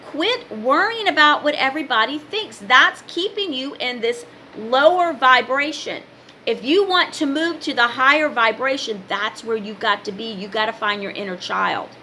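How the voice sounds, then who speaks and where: A woman's voice: high voice, sharp tone, a little hiss or hum. A woman in her fifties giving a blunt, emphatic motivational talk in a casual vlog. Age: 50s. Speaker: spiritual vlogger and card reader.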